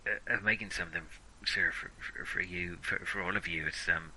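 A man's voice: sits low, steady tone, brisk, a loud crowd, pitched below the performer's own voice, close to an everyday voice, poor audio. A man voicing a nervous young soldier who stammers and calls everyone sir. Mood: timid. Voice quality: stammering, keeps saying sir.

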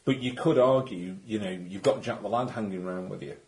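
A man's voice: fairly low pitch, brisk, darkish tone, poor audio. A man running a tabletop game, explaining rules and recapping the story in a rambling, chatty way. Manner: rambling, chatty, frequent restarts. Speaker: game master.

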